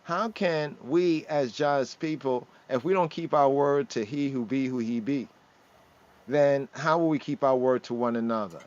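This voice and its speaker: A man's voice: medium pitch, a little slow, muffled recording. A man teaching scripture on a livestream, going verse by verse, sprinkling in Hebrew words and often asking "right?".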